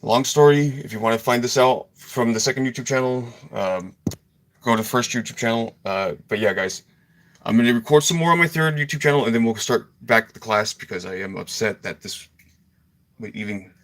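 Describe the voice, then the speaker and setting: A man's voice: medium pitch, brisk, fairly bright tone. A man live-streaming to his paid class, talking in an agitated way with lots of swearing and repeated apologies to his viewers. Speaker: livestreamer teaching a paid online class.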